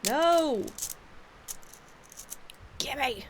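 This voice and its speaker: A woman's voice: high voice, expressive, extremely slow, a little hiss or hum. A woman streamer chatting casually and rambling while she plays a game. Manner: rambling and chatty, with many fillers.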